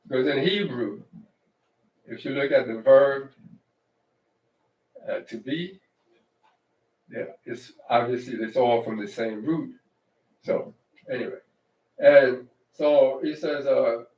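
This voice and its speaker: A man giving an informal sermon on the weekly Bible reading, talking conversationally, often checking in with "right?" and restarting his phrases. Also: medium pitch. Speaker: congregation teacher. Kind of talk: informal Torah-portion sermon. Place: congregation hall. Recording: echoey room, distant mic.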